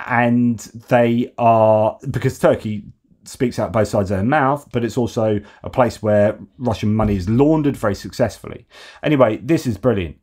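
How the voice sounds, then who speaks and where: This British host runs a laid-back news commentary show, full of sarcasm and mockery. He speaks at normal speed in a medium-pitched, darkish voice.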